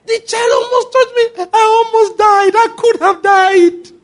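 A man's voice: very high-pitched, steady tone, a little fast, bright, forceful tone, voice pushed up. A man voicing a huge, hideous male monster who is terrified of children, squealing and panicky as if near tears. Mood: panicked.

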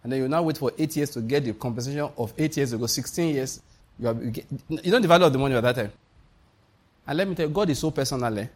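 A man's voice: mid-range voice, fast talker. A Nigerian man preaching a conversational, humorous sermon full of stories. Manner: humorous, storytelling, often laughing.

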